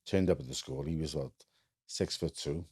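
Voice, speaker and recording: Guest: man, very low warm voice, blunt and plain-spoken. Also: normal speed, husky. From Wales. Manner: frank, matter-of-fact, many fillers and restarts. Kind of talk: casual storytelling.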